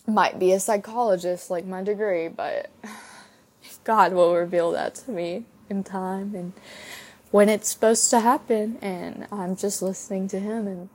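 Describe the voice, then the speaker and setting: A young woman speaks slowly and tenderly, sharing her faith story as a podcast host. Her voice is tearful from crying, and she talks haltingly with soft laughs. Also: medium pitch, steady tone, slightly rough. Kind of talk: personal faith testimony.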